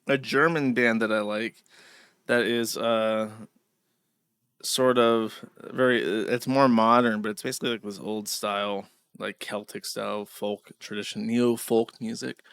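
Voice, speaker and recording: A man hosting a livestream talks in a loose, rambling monologue, drifting from story to story and speaking straight to his chat. His voice is bright and forceful. The sound is dry, with almost no room around it. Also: on the low side, fairly even intonation, a little slow, creaky, clear, resonant tone, dry recording. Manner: rambling, digressive, addresses chat directly. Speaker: livestream host.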